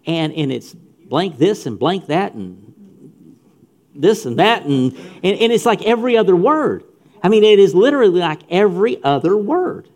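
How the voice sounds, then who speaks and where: Speaking directly to young listeners, a middle-aged pastor preaches with emphasis and repeated phrases. His voice is high-pitched with a darkish tone.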